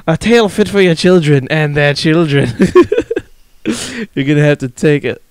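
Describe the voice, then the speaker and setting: Male podcast host, fairly high and smooth voice, dry close mic, swears and laughs a lot. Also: animated, slow pace, no echo. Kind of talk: casual chat.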